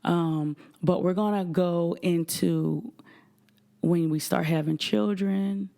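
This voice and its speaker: A woman in her forties hosts a candid faith-based advice talk. She sits low in her range, with a gravelly fry running through her voice. She speaks frankly and confides in her listeners, calling them "y'all.". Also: fairly even intonation, slow, dark tone. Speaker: podcast host.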